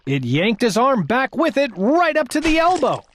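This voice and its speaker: A woman reading a children's storybook aloud with expressive narration. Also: sits high, normal speed, a little hiss or hum.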